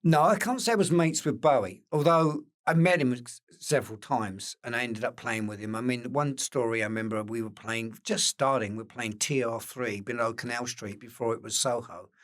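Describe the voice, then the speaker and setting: An older man with an Essex accent spins stories in a relaxed interview. His voice sits at an ordinary middle pitch, and he keeps acting out what other people said, with the odd swear word thrown in. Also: moderate pace, few pauses. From England. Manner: animated anecdotes with acted-out quotes, occasional swearing. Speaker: interview guest. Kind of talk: casual storytelling interview.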